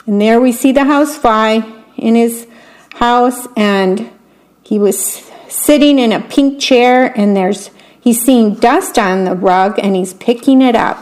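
A woman volunteer broadcaster reading a children's bedtime story aloud, gently and unhurriedly, describing the pictures as she goes. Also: a little high.

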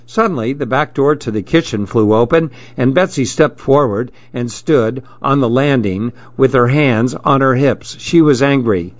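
A man narrating a story in a measured, steady reading voice, in a dull lo-fi recording. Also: medium pitch, dry recording.

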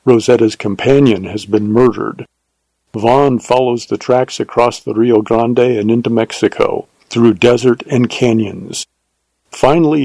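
A man narrating a western novel as an audiobook, in a measured, steady way. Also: mid-range voice, creaky, dry recording, low-quality recording.

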